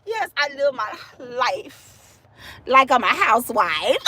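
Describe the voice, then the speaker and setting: Older woman, loud cackling boastful livestream. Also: high-pitched, sing-song, takes it slowly, very noisy. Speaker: livestream host. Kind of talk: live-stream rant to viewers.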